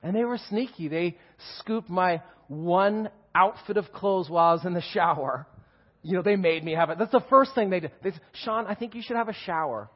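A man in his forties tells his personal testimony to a church. He speaks with emotion and animation, laughing and swinging from hushed to loud. His voice sits high for a man, and the sound is dull and muffled. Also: moderate pace. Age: 40s. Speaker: guest speaker giving testimony.

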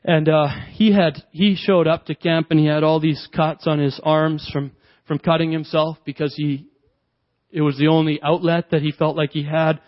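A man's voice: on the high side, flat delivery, moderate pace, dull audio. A man preaching a sermon, telling a story earnestly and repeating phrases for emphasis. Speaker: pastor.

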